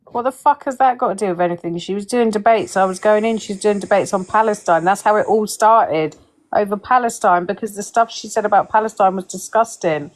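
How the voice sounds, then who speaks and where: A woman's voice: medium pitch, a little fast, poor audio. A woman hosting a casual live stream, talking in a combative, sarcastic way and swearing.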